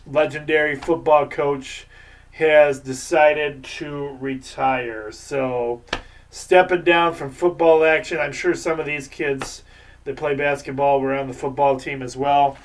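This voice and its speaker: A man's voice: on the high side, far from the mic. A man hosting a local sports show, giving casual, rambling game picks and previews.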